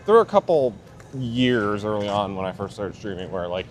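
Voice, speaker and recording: A man's voice: fairly low pitch, big pitch swings, moderate pace, slight background noise. A man who streams, walking the city with a friend and trading dry quips in casual chat. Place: outdoors on city streets, walking.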